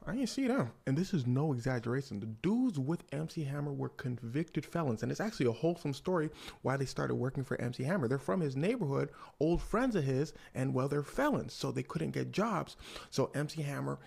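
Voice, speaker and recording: A man's voice: mid-range voice, animated, fairly quick, gravelly, darkish tone, slightly rough. A man telling a comedic story with slangy, jokey asides.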